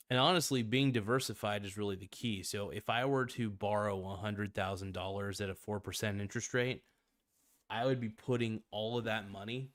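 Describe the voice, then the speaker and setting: A man's voice: lowish voice, a bit bright, no echo, clean studio sound. A man hosting a casual finance livestream, loose and slangy, rambling with frequent restarts. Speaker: livestream host.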